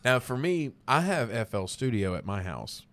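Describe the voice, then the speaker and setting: This is a relaxed, rambling podcast chat from a band vocalist guest, an American in his thirties whose talk is heavy on fillers and swearing. His voice is medium in pitch and moves at a moderate pace.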